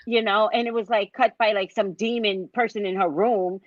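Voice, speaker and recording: A woman hosting a casual chat over a video call, telling stories in an animated way and acting out what others said. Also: mid-range voice, normal speed, no echo, muffled recording. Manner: animated storyteller who acts out quotes. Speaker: host, psychic reader.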